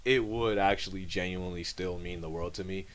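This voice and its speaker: A young man co-hosting a podcast, chatting casually and rambling with lots of fillers and animated asides. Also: deep voice, a little fast. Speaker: podcast co-host. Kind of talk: casual chat.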